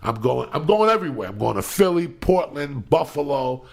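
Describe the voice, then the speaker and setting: A middle-aged man hosts a podcast in a gravelly, husky voice, a little stuffed up in the nose. He rambles loudly and swears constantly, working himself into a pep talk. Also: on the high side, big pitch swings, moderate pace. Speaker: podcast host. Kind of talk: profane casual podcast rant.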